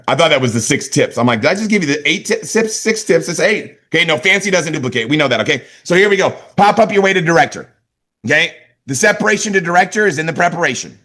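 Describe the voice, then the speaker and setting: Middle-aged man from California, motivational sales trainer, punchy and repetitive, bright forceful tone, slightly high-pitched. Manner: emphatic, repeats catchphrases, asks "right?" and "okay?". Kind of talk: energetic motivational talk.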